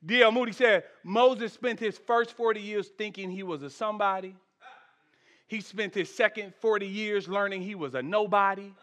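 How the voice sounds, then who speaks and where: Male pastor, high bright tenor, animated sermon, shouts and quiet jokes to the congregation. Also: normal speed. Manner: animated preaching, swings from shouted peaks to soft asides; humorous, conversational asides to the congregation.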